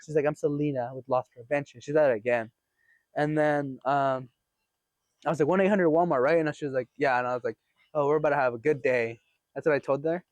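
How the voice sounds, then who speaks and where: A young man casually telling a story on his vlog in an animated way, swearing often and laughing as he goes. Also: fairly high pitch, fairly quick, no room sound. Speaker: vlogger.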